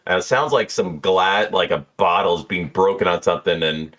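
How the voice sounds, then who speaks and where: A man's voice: low voice, moderate pace, fairly bright tone. A man narrating as game master of a tabletop role-playing game, loose and hesitant with many fillers.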